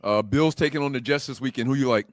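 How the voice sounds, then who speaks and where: A man co-hosting a casual sports talk show, brisk and brushing off teasing. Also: mid-range voice, no room sound, studio quality. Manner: brisk, runs quick game picks, brushes off teasing. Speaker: co-host.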